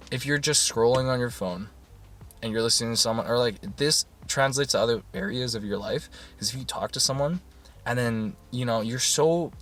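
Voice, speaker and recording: A man's voice: on the low side, fairly bright tone, far from the mic. A young man talking casually to camera in a rambling way, with lots of fillers and restarts. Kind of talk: casual vlog talk.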